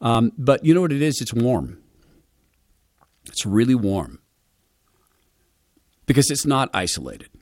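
A middle-aged man hosting a radio show, telling a personal story to his listeners in an earnest, heartfelt, conversational way with quick restarts. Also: mid-range voice, darkish tone, no echo, clean studio sound. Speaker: radio and podcast host.

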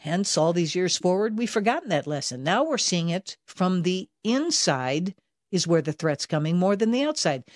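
A woman's voice: on the low side, sing-song, normal speed, no room sound, studio quality. A woman, hosting political commentary in an emphatic, insistent way. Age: 60s. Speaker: talk show host.

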